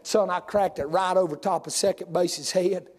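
A male preacher with a strikingly high-pitched voice. He tells homespun stories to his congregation in a folksy way and works up to loud hollering. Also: fairly even intonation, moderate pace, big-room sound. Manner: folksy storytelling, rising to hollering. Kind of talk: sermon.

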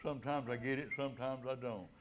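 A man preaching a sermon. He drops to soft, low passages and builds to loud, emphatic climaxes, stretching key words slowly and adding casual asides to the congregation. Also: fairly even intonation, a little hiss or hum.

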